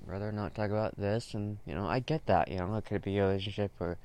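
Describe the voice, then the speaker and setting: Man, podcast host, low smooth voice, rambling, lots of fillers, swearing, sudden angry bursts. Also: steady tone, fast, darkish tone. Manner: rambling, heavy fillers, profane, flares up in bursts. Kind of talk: rambling solo monologue.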